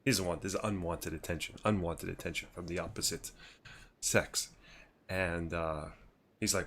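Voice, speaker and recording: Brief: low male streamer, 30s, loose chatty storyteller at a desk mic. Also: fairly even intonation, moderate pace, a bit bright, a little hiss or hum. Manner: rambling, laughing, with many restarts. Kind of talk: casual storytelling on a gaming livestream.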